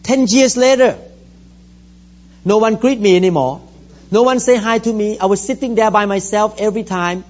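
Man, middle-aged, pastor; high voice, emphatic repetitive sermon, dull lo-fi recording. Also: normal speed, darkish tone. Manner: emphatic, repetitive preaching with scripture reading.

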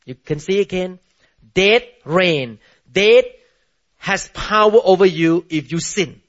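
A man with a high voice preaches with heavy emphasis, firing rhetorical questions and spelling key words out letter by letter. The sermon comes through a muffled, low-fidelity recording. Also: slow. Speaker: pastor.

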